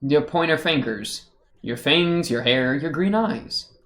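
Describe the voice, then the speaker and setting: A man's voice: fairly high pitch, lively intonation, slow, a bit bright. A young man casually commenting while watching an anime episode, chatty and rambling, laughing often. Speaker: reaction streamer.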